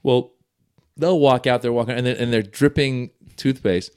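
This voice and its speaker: Middle-aged man, comedian guest, casual chat, animated storytelling, average pitch. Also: moderate pace, clean tone. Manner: animated storyteller, acts out quoted voices.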